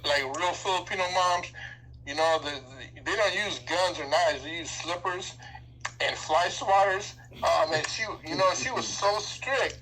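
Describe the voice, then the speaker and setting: A man's voice: fairly high pitch, a little slow, pushed and bright, rough recording. An older man from Seattle, a radio DJ guest telling reflective stories in a casual interview and laughing easily.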